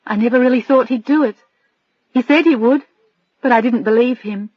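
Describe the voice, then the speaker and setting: A woman's voice: on the high side, normal speed, no echo, muffled recording, voice pushed up, natural voice. A woman narrator voicing a tearful, overwhelmed young woman whose voice trembles and breaks. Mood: subdued.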